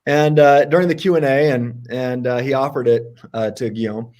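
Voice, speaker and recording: A man co-hosting a casual livestream debate, talking in an animated, sarcastic way. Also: moderate pace. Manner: animated and sarcastic, jumps in pitch for emphasis. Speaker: co-host.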